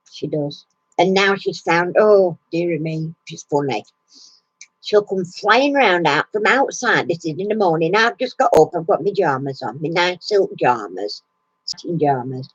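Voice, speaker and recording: A woman's voice: fairly low pitch, animated, normal speed, husky, no echo, lo-fi sound. A woman hosting a casual live chat from her recliner at home, chatty and laughing often. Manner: chatty, laughs often, coos baby talk to her dog. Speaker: live stream host.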